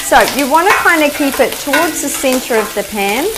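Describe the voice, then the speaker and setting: A woman with a New Zealand accent talks through a recipe in a chatty, homely way. Her voice sits a little high. Faint background noise from the kitchen hangs under her. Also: lively intonation, fairly quick. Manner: chatty, homely, explains as she cooks. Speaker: cooking show host. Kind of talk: live cooking demonstration.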